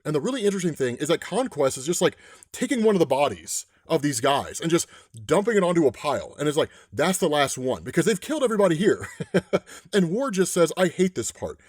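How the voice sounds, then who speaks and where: A man's voice: on the high side, very animated, fast talker, darkish tone, dry recording, clean studio sound. A man casually retelling a comic's story, often adding "right?" and "like". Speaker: comic recap narrator.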